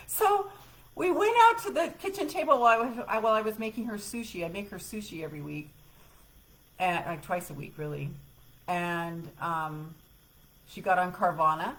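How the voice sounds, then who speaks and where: A woman's voice: medium pitch, normal speed, a bit bright, poor audio. A middle-aged woman hosting a live self-help show, rambling casually through a personal story with laughs and the odd swear word. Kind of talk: rambling casual chat with viewers.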